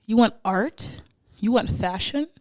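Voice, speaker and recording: A woman's voice: medium pitch, a little slow, a little mellow. A woman hosting a podcast in a studio, chatting casually with playful, dramatic hype and slang. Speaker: podcast host. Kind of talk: casual chat.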